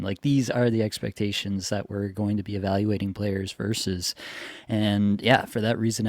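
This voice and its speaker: A man's voice: fairly low pitch, darkish tone, no echo, studio quality. A man hosting a fantasy hockey podcast, upbeat and laughing easily in casual chat. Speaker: podcast host.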